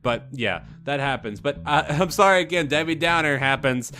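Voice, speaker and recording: A man's voice: fairly high pitch, expressive, normal speed, bright, forceful tone. A young man hosting a let's play, talking in a rambling, earnest way with lots of restarts. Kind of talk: casual gameplay commentary. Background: background music.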